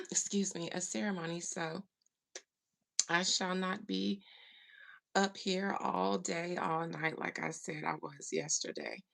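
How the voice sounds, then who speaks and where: Slow gravelly woman hosting a livestream. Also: lowish voice, expressive. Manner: slow, drawling, breaks into soft whispers. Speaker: livestream host and spiritual medium. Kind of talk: casual livestream chat.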